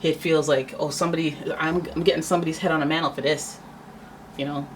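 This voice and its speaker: A woman gives a casual tarot reading in a low voice with fairly even intonation and a quick pace. She's chatty and dramatic, often acting out what people might say, and the rough recording carries a little hiss or hum.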